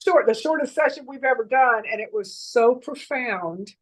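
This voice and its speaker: A woman, a psychic reader, chatting casually and telling stories in an animated way, acting out the voices in them. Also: on the high side, moderate pace, husky. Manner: animated storyteller who acts out the voices in her stories. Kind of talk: casual conversation.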